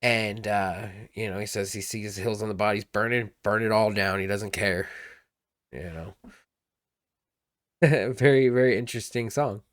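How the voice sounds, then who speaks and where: A man's voice: on the low side, moderate pace, dry recording, clean studio sound. A man casually reacting to a song as a streamer, rambling and laid-back, peppering his talk with "like" and "dude".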